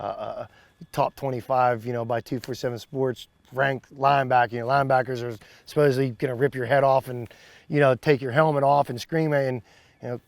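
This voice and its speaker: A middle-aged man, a father and youth wrestling coach, telling a story in an animated, loud and passionate way in a reality-series interview. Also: medium pitch, creaky, no echo.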